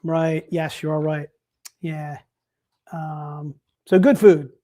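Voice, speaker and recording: A man's voice: a little high, fairly even intonation, takes it slowly, warm tone. A man hosting a live sales stream, chatting casually and upbeat, calling everyone "dude.". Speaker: livestream sales host.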